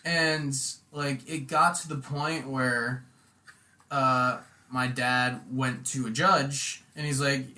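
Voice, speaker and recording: Young male podcast host, bright tense tone, swearing storyteller, casual chat. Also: medium pitch, flat delivery, slow. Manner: profane, rambling storyteller who acts out quotes loudly.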